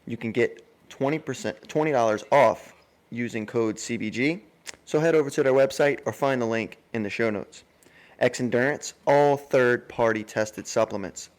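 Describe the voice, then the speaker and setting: A man's voice: medium pitch, moderate pace. An American man co-hosting a podcast, reading sponsor spots and explaining loosely with a joking tone. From United States. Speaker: podcast co-host. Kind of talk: casual podcast chat and ad reads.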